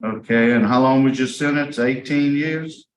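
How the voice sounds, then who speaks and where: A man's voice: mid-range voice, normal speed. A man, a parole board member asking probing questions in a plain, filler-laden way. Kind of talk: interviewing at a hearing. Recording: roomy hearing room with faint noise.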